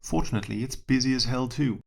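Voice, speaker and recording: A man's voice: mid-range voice, fast talker, creaky. A man who works as a science educator, reading his own short story aloud in a dry, wry first-person manner.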